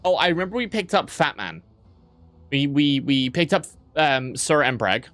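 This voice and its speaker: A man's voice: fairly high pitch, expressive, moderate pace, fairly bright tone, no echo. A man streaming a video game, rambling in casual commentary, swearing freely and poking fun at himself.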